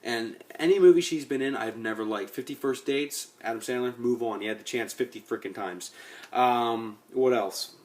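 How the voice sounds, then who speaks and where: A man's voice: mid-range voice, moderate pace, a little mellow. A man ranting casually to his webcam about actors he dislikes, blunt and rambling, often repeating himself. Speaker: vlogger. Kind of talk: casual opinion rant.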